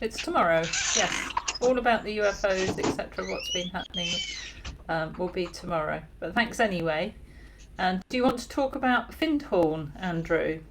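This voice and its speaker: A woman's voice: medium pitch, lively intonation, moderate pace, very noisy. A woman co-hosting a casual live-stream chat, relaying viewer questions in a chatty manner and laughing often. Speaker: co-host, moderator.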